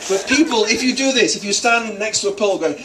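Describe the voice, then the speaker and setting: A man's voice: high-pitched, expressive, fast. A middle-aged man giving a joking father-of-the-bride wedding speech, teasing the guests. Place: wedding reception hall. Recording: distant, with crowd noise. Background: guests laughing and chattering.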